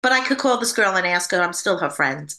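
A woman who works as a psychic medium, telling her story in an interview in an animated way and acting out the voices she quotes. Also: fairly low pitch, a little fast.

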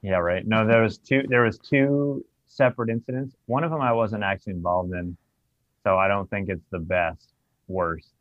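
A man with a lowish voice tells a rowdy bar story, swearing freely and talking in animated bursts. The sound is dry and close, with a slightly dull, lo-fi tone. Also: normal speed, no room sound. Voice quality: profane, animated anecdote telling. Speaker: bar owner. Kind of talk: casual storytelling.

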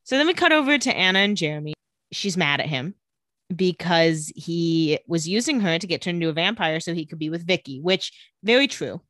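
A woman's voice: lowish voice, brisk, no room sound. A young woman co-hosting a podcast, casually recapping a TV episode and lightly acting out the characters' lines. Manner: animated, giggly, acts out quotes lightly. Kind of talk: casual chat, retelling scenes.

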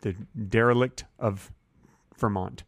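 Deadpan middle-aged man in dry podcast banter. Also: on the low side, slow, dry recording. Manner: deadpan absurd claims, insistent. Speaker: podcast co-host. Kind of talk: improvised comedy banter.

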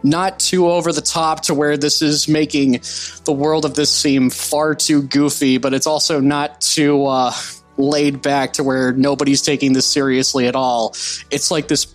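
A man co-hosting a podcast, talking in an excited, profane way with lots of filler "like". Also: on the high side, measured pace, faint music behind. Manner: excited, profane, heavy use of "like". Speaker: podcast co-host reviewing a film. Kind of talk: casual podcast chat.

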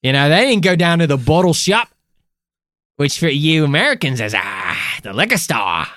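A man's voice: a little high, sing-song, moderate pace, fairly bright tone, no echo, studio quality. Man putting on a hammy ocker Aussie bloke. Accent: put-on Australian. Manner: slang-heavy, hammy and crude. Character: exaggerated ocker Australian bloke, crude and jokey.

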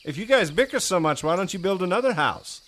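A man's voice: sits high, animated, fairly quick, fairly bright tone. A man playing his tabletop character with a fussy, formal politeness. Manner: overly polite, formal, whimsical. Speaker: player.

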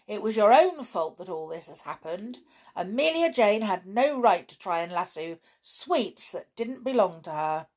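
A sensible clown toy who lectures the others, read by a woman. His voice is firm, measured and a touch raised, the voice of the one in charge. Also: mid-range voice, very animated, darkish tone. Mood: stern.

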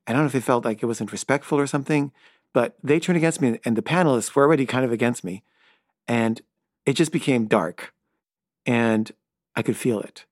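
A middle-aged man tells a story off the cuff at an ordinary, mid-range pitch. His talk wanders, packed with "like" and "kinda", and he stumbles over his own words when flustered. The sound is close and dry, with no room around it. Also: a little fast, no room sound. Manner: loose and rambling, full of "like" and "kinda"; stammers and repeats himself when flustered. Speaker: filmmaker. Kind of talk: casual spoken anecdote.

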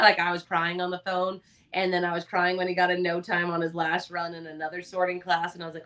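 A woman's voice: fairly low pitch, fast talker, fairly bright tone, far from the mic. Chatty woman, a bit off-mic. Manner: chatty, self-deprecating, laughs often. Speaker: podcast co-host. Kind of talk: casual chat.

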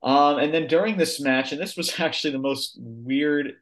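A man co-hosting a podcast, giving a casual, animated wrestling review with blunt, sweary rants. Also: a little high, moderate pace. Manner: ranting, animated, swears freely. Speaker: podcast co-host.

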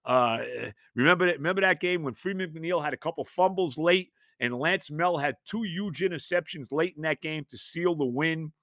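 A man's voice: on the high side, normal speed, few pauses, a bit bright, dry recording, studio quality. A man in his fifties, a podcast host, telling rambling, exasperated stories in a casual monologue. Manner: rambling, exasperated, self-mocking.

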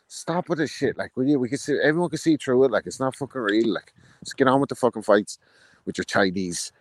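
A man's voice: mid-range voice, fairly quick, dry recording, rough recording. A man co-hosting a boxing podcast, ranting bluntly and swearing often. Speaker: podcast co-host. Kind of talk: casual boxing chat.

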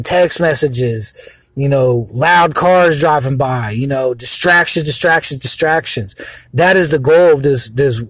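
A man's voice: a little high, breathy edge, dry recording. A young man giving an earnest, rambling casual sermon about faith, full of fillers. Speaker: Christian speaker. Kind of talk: casual preaching monologue.

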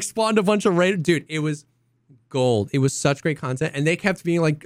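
A young man co-hosting a casual podcast, an excitable storyteller who acts out quotes in high voices. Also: a little fast, no room sound, clean studio sound. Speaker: podcast co-host. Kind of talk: casual chat.

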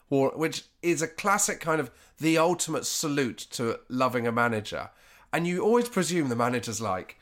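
A man's voice: mid-range voice, animated, moderate pace, fairly bright tone. A man in casual podcast chat, talking in a rambling, reflective way with lots of hedging fillers.

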